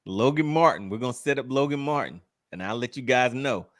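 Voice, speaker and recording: A man's voice: medium pitch, animated, fairly quick, no room sound, clean studio sound. A man hosting a fishing live stream, chatting casually, teasing his guest and laughing a lot.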